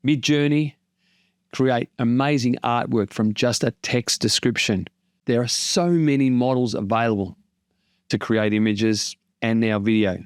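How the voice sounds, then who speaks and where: A man's voice: medium pitch, clear, resonant tone, dry recording, clean studio sound. A man hosting a casual tech explainer, plain-spoken and lightly joking as he walks through tools. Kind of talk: casual tutorial narration.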